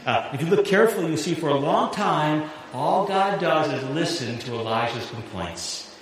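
A man preaching a sermon as pastor, animated and laughing at his own jokes. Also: on the high side, moderate pace. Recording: echoey hall with long reverb, faint hiss.

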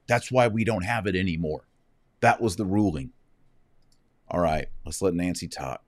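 A man's voice: low voice, expressive, moderate pace, a little mellow, dry recording, clean studio sound. A man giving heated, preachy opinion commentary, fiery and sarcastic.

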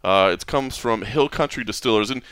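A man hosting a podcast in casual chat, lively and rambling, with plenty of fillers and restarts. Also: on the low side, moderate pace, smooth, no echo. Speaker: podcast host. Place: hotel or venue room.

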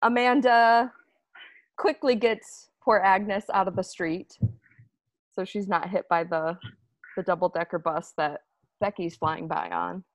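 A woman playing a tabletop game, narrating her character's actions slowly and deliberately. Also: on the low side, no room sound. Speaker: player.

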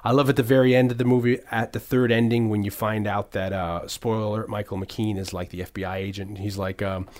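A man's voice: fairly low pitch, steady tone, quick pace, hardly any pauses, darkish tone. A middle-aged man hosting a podcast, chatting casually about movies, rambling with many restarts and fillers. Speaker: podcast host.

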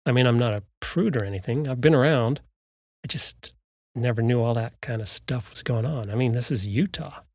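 Flustered, stammering middle-aged man, higher and tense, male narrator doing the voice. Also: normal speed, a little mellow, breathy edge. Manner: stammering, hesitant, rising pitch.

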